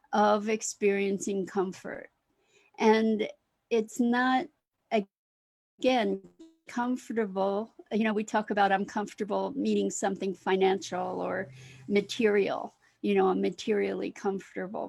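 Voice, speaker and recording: Slow, gentle woman talking about comfort. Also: medium pitch, creaky. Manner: gentle, unhurried, with many restarts and pauses; warmly greets viewers by name. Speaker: host. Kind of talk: slow reflective talk on self-comfort.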